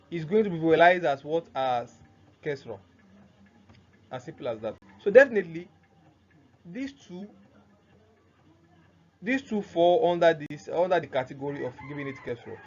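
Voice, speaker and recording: A man teaching Arabic grammar in a classroom-style lesson, who keeps asking "what?" and answers himself, repeating the key terms. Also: sits high. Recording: muffled lo-fi sound, faint noise.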